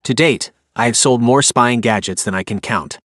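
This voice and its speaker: A cocky, playful inventor who loves to show off, voiced by a male narrator. He brags in a mid-pitched voice. The audiobook sound is dry and close. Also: moderate pace, a bit bright, dry recording, lightly acted. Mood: boastful. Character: showy gadget-inventor man, cocky and playful.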